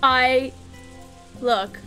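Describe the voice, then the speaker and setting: A woman streaming a video game live, commenting excitedly and talking straight to her chat. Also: high-pitched, drawn-out words, soft background music.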